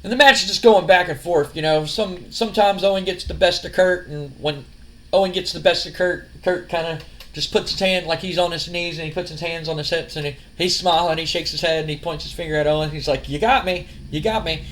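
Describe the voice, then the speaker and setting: A man's voice: on the high side, fairly even intonation, a little fast, fairly bright tone, a little hiss or hum. A young man casually narrating a wrestling sim game, rambling and swearing as he retells the action. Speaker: let's-play narrator.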